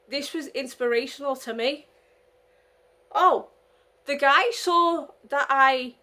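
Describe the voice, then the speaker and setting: A woman's voice: high voice, bright, forceful tone. A young woman from the UK talking in a casual vlog, rambling and indignant as she tells her story. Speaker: vlogger.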